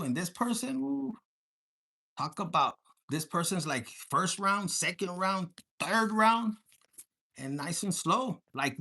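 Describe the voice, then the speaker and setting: A tarot reader giving a casual collective reading, blunt and profane, animated, slipping Spanish words into the talk. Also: mid-range voice.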